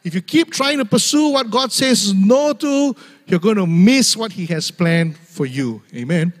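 A man's voice: sits high, lively intonation, measured pace, long reverb tail. A young man preaching a humorous sermon, laughing often and mimicking voices in asides. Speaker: pastor.

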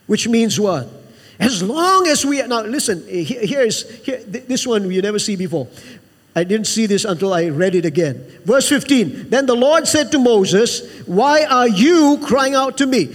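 A man's voice: high voice, very animated, moderate pace, in a large hall. A man preaching a sermon to a church, emphatic and repetitive, calling out to the congregation for an amen. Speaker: pastor.

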